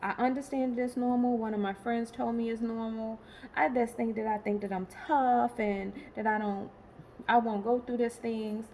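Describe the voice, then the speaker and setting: A woman in her late forties talking in a personal vlog, tired and emotional, rambling and halting with many pauses and restarts. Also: fairly high pitch, flat delivery, darkish tone, a little hiss or hum, rough recording. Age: late 40s. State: tired and emotional, has been crying. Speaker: vlogger.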